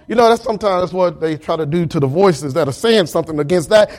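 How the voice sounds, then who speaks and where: A man preaching a sermon as pastor, talking straight to his congregation in an animated way. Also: high voice, quick pace, hardly any pauses, rough recording.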